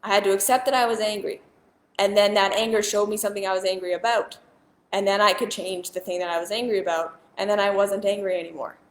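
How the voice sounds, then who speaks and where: A woman at an everyday middle pitch speaks directly to her viewers as a spiritual teacher. She is earnest and emphatic and circles back to the same point again and again. Her voice rings a little in a reverberant room. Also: fairly even intonation, fast talker. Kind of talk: casual monologue to viewers.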